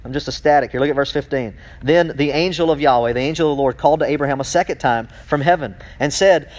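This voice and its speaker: Excitable preacher guy in church, kinda high voice, reads verses then cuts himself off all worked up. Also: fast, few pauses. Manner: excitable, breaks off mid-sentence, reads scripture aloud. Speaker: pastor. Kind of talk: sermon.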